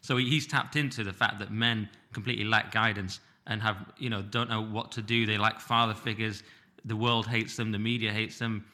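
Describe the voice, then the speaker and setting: A man guest on a comedy podcast, arguing his views in quick, opinionated talk. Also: fairly low pitch, level tone, bright, forceful tone. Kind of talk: casual podcast chat.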